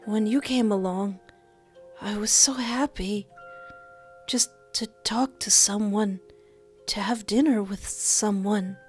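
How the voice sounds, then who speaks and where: A woman voicing a lonely, gentle young man who is wounded and dying, speaking softly and haltingly. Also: medium pitch, soft background music, close to an everyday voice. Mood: weak, fading. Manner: soft, breathless, halting and pleading.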